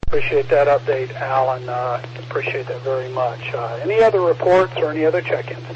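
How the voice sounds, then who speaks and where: A man keeps an amateur radio weather net in order and talks in a steady, unhurried way. His voice comes through a dull, muffled radio channel. A clear layer of static hiss runs underneath it. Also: mid-range voice. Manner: calm, measured, frequent "uh"s.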